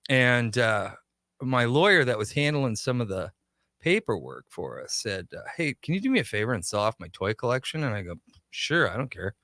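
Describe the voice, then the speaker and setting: A man's voice: medium pitch, moderate pace, dry recording, studio quality. Chatty man telling shop stories. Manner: animated anecdotes with quoted dialogue. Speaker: shop owner guest. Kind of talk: casual radio interview storytelling. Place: radio studio.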